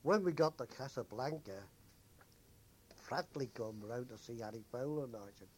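Older man, former seaman, mid-pitched voice, unhurried anecdotal recollection. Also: darkish tone, slightly rough. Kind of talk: oral history recollection.

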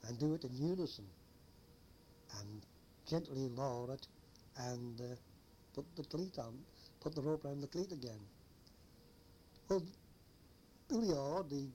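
A man's voice: a little high, darkish tone, slight background noise. An older man, a former lighthouse keeper telling a rambling old story with chuckles. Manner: rambling, chuckling anecdotal teller. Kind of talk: oral history storytelling.

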